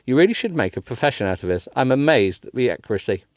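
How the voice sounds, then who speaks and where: A man reading as a dry, deadpan older rich guy. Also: mid-range voice, quick pace, no room sound, natural voice. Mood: teasing.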